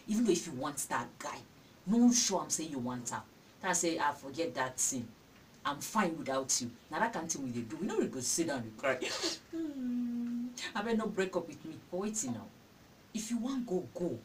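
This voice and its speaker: A young woman with a Nigerian accent, giving scolding, animated advice in a vlog. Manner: animated, scolding, full of exclamations. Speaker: vlogger. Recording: distant mic with faint rumble.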